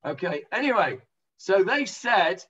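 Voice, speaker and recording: A man's voice: high voice, big pitch swings, unhurried, bright, forceful tone, husky, muffled recording. A man with an English accent teaching an informal Talmud class, chatty and full of hesitations. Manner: chatty explaining, lots of hesitations.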